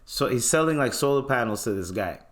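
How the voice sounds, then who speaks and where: A man's voice: medium pitch, a little fast. A man hosting a podcast, ranting casually and animatedly with plenty of swearing and laughter. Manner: animated, profane, often laughing. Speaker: podcast host. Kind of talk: casual comedic rant.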